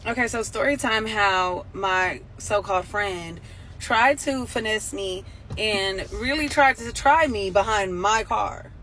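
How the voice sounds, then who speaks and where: A woman's voice: mid-range voice, slow, fairly bright tone, slight background noise, low-quality recording. A woman telling a casual storytime in a chatty way, checking in with her listeners as she explains. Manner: chatty, explains with tag questions.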